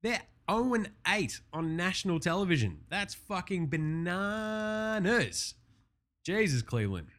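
A man hosting a casual sports recap, brash and profane with quick wisecracks. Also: high-pitched, big pitch swings, a bit bright. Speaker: podcast host.

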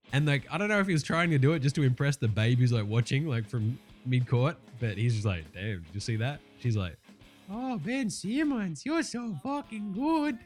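A man with an Australian accent hosting a casual basketball podcast, ranting excitably and swearing a lot. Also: on the high side. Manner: profane, excitable, laughing rants. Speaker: podcast host. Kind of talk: casual sports podcast chat.

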